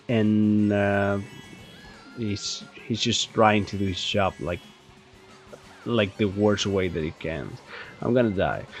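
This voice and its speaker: A man who says he is sick, rambling and swearing his way through casual commentary over gameplay, with many self-deprecating asides and restarts. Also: lowish voice. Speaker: channel host reviewing a movie while playing a kart game.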